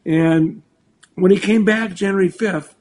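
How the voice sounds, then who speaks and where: Older male weather forecaster in his sixties, animated, restarting sentences, faint background noise. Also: high voice, a little slow. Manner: animated, full of restarts and repeats. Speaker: meteorologist guest. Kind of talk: casual talk show chat.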